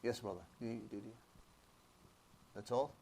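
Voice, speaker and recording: A man's voice: lowish voice, steady tone, unhurried, darkish tone, a little hiss or hum. A man teaching an Islamic studies class, explaining in English mixed with Arabic terms and often repeating and restarting words as he answers students. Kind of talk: classroom lecture with student questions.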